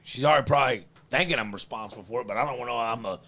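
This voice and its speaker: A man's voice: mid-range voice, racing, sharp tone, slight background noise. A man hosting a podcast, telling a long crude story in a rambling, self-deprecating way. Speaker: podcast host. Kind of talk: casual chat, storytelling.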